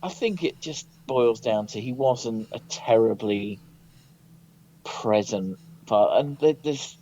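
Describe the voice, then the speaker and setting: A man's voice: mid-range voice, lively intonation, warm tone, a little hiss or hum. Guy calling in, hesitant, keeps restarting, kinda muffled lo-fi line. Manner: hesitant, halting, many restarts. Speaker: caller. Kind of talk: casual phone-in chat. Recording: dull phone-in line.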